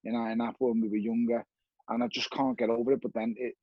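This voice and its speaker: A man's voice: mid-range voice, level tone, quick pace, slightly rough, dry recording. A man talking candidly as a guest in casual chat. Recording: dull, dry recording.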